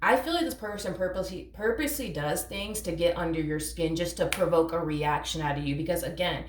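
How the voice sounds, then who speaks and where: Talking a little fast, a lowish-voiced woman reads tarot in a casual, no-nonsense way, hammering points through repetition and calling the listener honey. Her mic is set back, catching the echo of a roomy space.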